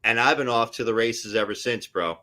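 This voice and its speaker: A middle-aged actor spins stories in a lively, animated way, ducking into little voices for the people in them. His voice is bright and forceful. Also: mid-range voice, a little fast. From New Jersey area. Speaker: actor guest. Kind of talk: casual storytelling on a live stream.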